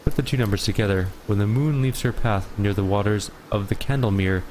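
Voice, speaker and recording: A man voicing a playful, ancient fey gnome host in a video game playthrough, speaking in a measured, formal, riddling way. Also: fairly low pitch, darkish tone, slight background noise, close to an everyday voice. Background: game music.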